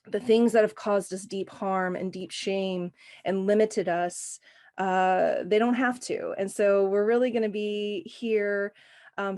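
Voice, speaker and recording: A woman coach speaks with emphatic, down-to-earth energy as she opens a motivational masterclass. Her voice sits at a middling pitch, recorded dry with little room sound. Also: darkish tone, no room sound. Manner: emphatic, casual, earnest. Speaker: trauma recovery coach.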